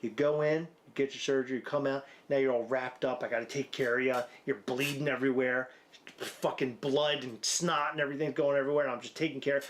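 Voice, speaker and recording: A man's voice: medium pitch, steady tone, a little fast. A man co-hosting a podcast, rambling through crude, absurd hypotheticals with profane banter. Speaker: podcast co-host.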